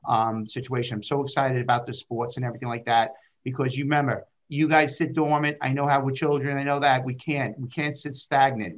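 A man, a state senator, speaking earnestly and rambling a little on a panel video call. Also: medium pitch. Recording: dull lo-fi call audio.

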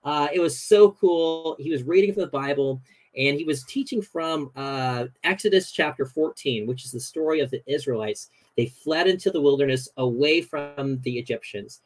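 Podcast guest, male, husky, fairly high-pitched, lively chatty storyteller. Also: normal speed, rough recording. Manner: animated retelling, many fillers like "you know". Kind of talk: casual storytelling chat.

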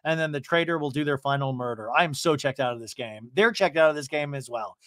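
A man hosting a podcast, recapping an episode with animated, sarcastic storytelling. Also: medium pitch, fairly quick, dry recording, clean studio sound. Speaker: podcast host.

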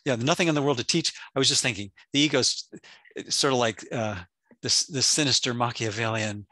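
A man's voice: medium pitch, a little fast, bright, forceful tone, no echo. A man leading a spiritual study group, musing in a casual way with fillers. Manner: musing, chuckling, hesitant with fillers.

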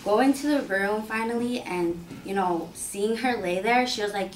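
A young woman telling a personal story in a casual, filler-heavy, animated way. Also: medium pitch, moderate pace, few pauses, a little hiss or hum. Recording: roomy sound from a distant mic.

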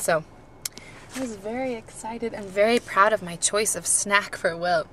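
A young adult woman chatting casually for a home vlog, often soft and hushed, tired and a bit unwell. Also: mid-range voice, unhurried, slight background noise. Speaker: mom vlogger. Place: family home, basement playroom.

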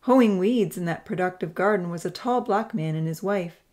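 A woman narrating a Christian novel in a measured, expressive reading voice. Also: lowish voice. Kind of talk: scripted audiobook narration.

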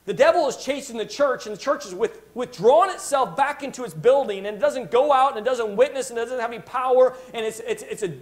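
High-voiced man preaching a sermon. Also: a little fast, hardly any pauses. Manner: emphatic preaching with frequent restarts and calls of "Amen?". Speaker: pastor.

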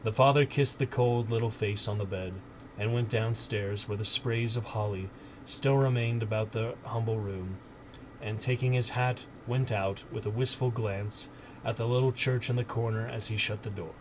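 A man's voice: fairly low pitch, steady tone, moderate pace, noisy background. Man reading a storybook aloud. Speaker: streamer.

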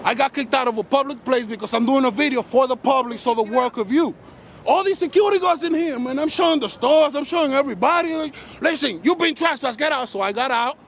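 Defiant high-voiced man on a noisy street. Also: fast. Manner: insistent, defiant, repeats himself. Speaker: camera-carrying auditor filming police. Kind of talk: confrontational street argument. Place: outdoors on a busy city street. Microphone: handheld camera mic. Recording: street noise on a camera mic. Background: traffic and street noise.

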